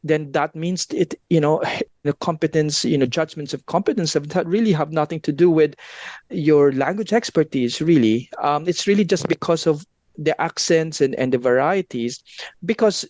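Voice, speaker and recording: A man's voice: fairly high pitch, normal speed, darkish tone, dry recording. A man, a guest researcher, explaining his ideas earnestly and at length in an interview. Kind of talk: academic interview chat.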